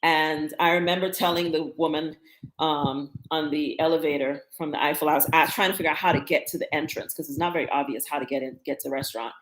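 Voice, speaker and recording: Low-voiced woman in her 50s doing a chatty live stream, wry storyteller, kinda echoey room. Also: steady tone, quick pace, a bit bright. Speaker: travel vlogger. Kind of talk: casual live-stream chat.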